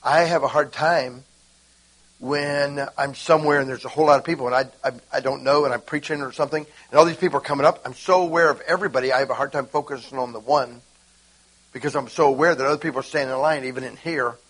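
A man preaching an informal sermon, animated and acting out conversations with God. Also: medium pitch, fast, poor audio.

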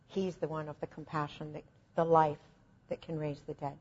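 A woman preaches in a relaxed, conversational way, telling stories with earnest conviction. She pokes gentle fun at herself as she goes. Her voice is breathy and a little husky, and the recording sounds slightly muffled and lo-fi. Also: sits low, moderate pace. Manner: conversational storytelling, earnest, self-deprecating. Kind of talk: informal teaching sermon.

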